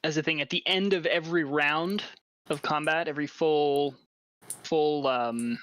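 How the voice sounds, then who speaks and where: A man running a tabletop game as dungeon master, casually reading rules aloud with halting restarts. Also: on the high side, fairly even intonation, a bit bright, dry recording.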